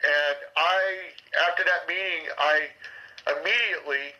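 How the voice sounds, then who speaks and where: A man's voice: a little high, steady tone, a little slow, pushed and bright, lo-fi sound. A man telling a personal story in casual speech, rambling with many restarts and swearing, and acting out heated arguments in a raised voice. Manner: heated, acts out quoted exchanges with a raised voice.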